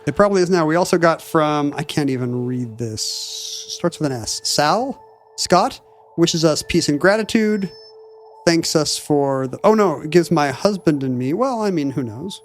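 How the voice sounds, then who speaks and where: A man's voice: on the high side, lively intonation, normal speed, soft background music. A man co-hosting a podcast in casual chat, wry and bookish as he riffs. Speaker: podcast co-host.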